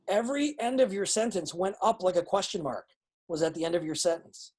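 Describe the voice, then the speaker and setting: Blunt, husky-voiced woman wrestling coach. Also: fairly low pitch, fairly quick. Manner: blunt, excitable, swears freely. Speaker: pro wrestling trainer. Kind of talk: live online coaching feedback.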